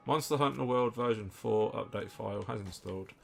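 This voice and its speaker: A man's voice: on the low side, moderate pace, vocal fry. A young British man co-hosting a game playthrough, sweary and jokey, drifting into long rants. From United Kingdom. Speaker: let's play co-host. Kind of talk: casual gaming banter. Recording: faint background noise.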